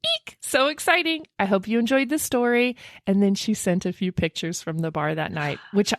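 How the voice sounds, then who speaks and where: A woman co-hosting a chatty podcast and telling a ghost story with plenty of gasps and laughs. Her voice sits at a middle pitch. The recording is close and dry, with no room sound. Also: animated, a little fast, dry recording. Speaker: podcast co-host. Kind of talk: casual chat, reading a listener's email aloud.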